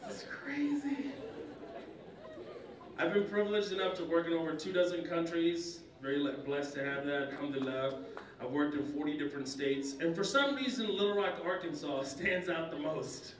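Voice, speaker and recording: A young adult man from Kuwait doing an animated stand-up comedy set in a conference center banquet hall, slipping into character voices. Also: fairly quick, some chatter behind. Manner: animated, jumps into high-pitched character voices. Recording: roomy hall, distant mic, faint noise.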